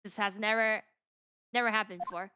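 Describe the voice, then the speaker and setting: A woman's voice: mid-range voice, steady tone, brisk, noisy background, lightly acted. A woman reading as an earnest young spirit medium. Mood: worried. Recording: loud game music behind.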